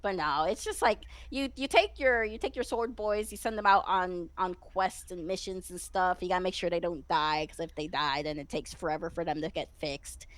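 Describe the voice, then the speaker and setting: Casting note: young-sounding woman, animated and chatty, laughs a lot, restarts her sentences. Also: on the low side, moderate pace, hardly any pauses, low-quality recording. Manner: excitable, laughs often, rambling with many restarts. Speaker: interview guest, VTuber. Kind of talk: casual chat.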